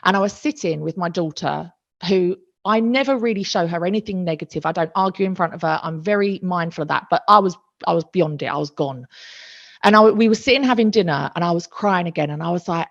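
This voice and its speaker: A woman, a podcast guest, telling a personal story in an emotional, animated way and swearing freely. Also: on the low side, a little fast. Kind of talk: casual storytelling interview. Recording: dull lo-fi recording.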